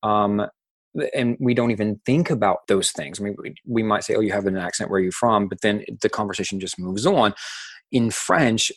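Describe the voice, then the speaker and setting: A man from Louisiana giving thoughtful interview answers, often pausing and restarting his sentences. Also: on the low side, dry recording. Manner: thoughtful, with frequent restarts and ums. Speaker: interview guest, French-language advocate.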